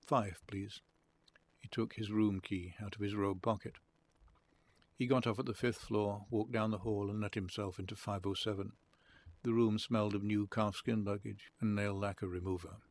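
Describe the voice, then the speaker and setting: A man reading a literary short story aloud. His narration is calm and measured. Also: lowish voice.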